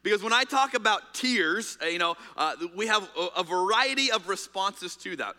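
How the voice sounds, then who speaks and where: Guy pastor giving a sermon, kinda high voice, chatty and candid, big echoey church. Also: animated, moderate pace, hardly any pauses, sharp tone. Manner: conversational, candid, with fillers and restarts. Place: church auditorium. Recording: reverberant hall.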